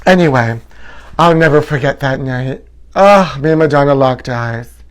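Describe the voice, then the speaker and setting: A man's voice: medium pitch, normal speed. A man hosting a comedy show, delivering a campy, sassy and theatrical tabloid gossip monologue.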